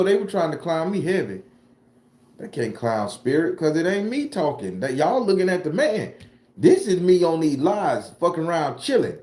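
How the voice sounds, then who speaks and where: A man's voice: fairly high pitch, darkish tone. A man from southern Florida with a Southern US accent, a tarot reader and channel host talking casually on a livestream. He answers live chat comments in loose, profane slang. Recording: echoey room.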